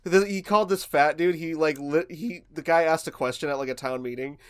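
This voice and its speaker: Young male podcast co-host, rambling casual chat, slightly high, dry close sound. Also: brisk, clear, resonant tone, dry recording. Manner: rambling, laughing, mock-quoting others.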